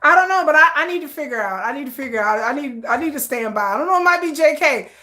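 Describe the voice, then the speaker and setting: Woman vlogger with a bright, animated voice, joking banter with viewers. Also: high-pitched, fast. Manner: playful, joking, laughs often. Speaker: K-pop news vlogger. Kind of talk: casual chat to camera.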